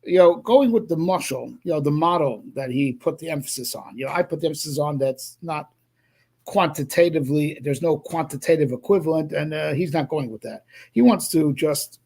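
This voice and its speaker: A man's voice: on the high side, a little fast, darkish tone, husky. A man teaching a Torah class as a rabbi, thinking aloud with many restarts and asides. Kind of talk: Torah class, explaining a text.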